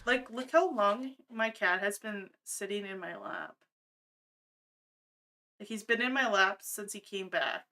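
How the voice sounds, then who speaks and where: A woman's voice: mid-range voice, lively intonation, unhurried, pauses often, sharp tone. A woman streaming a video game from home, chatting casually and laughing often as she thinks aloud. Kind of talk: casual gameplay commentary. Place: home, cat on her lap.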